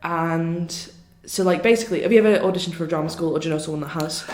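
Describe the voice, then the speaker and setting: A woman's voice: sits low, racing, darkish tone. A young woman, chatting casually as a podcast guest, laughing often and swearing freely. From northern England. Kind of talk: casual chat. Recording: roomy room, faint noise.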